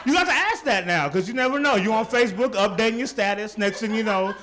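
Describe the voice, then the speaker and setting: Animated young man doing stand-up. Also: high voice, quick pace. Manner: animated, teasing the crowd. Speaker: stand-up comedian. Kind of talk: stand-up routine. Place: comedy club stage. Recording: live club recording with audience noise.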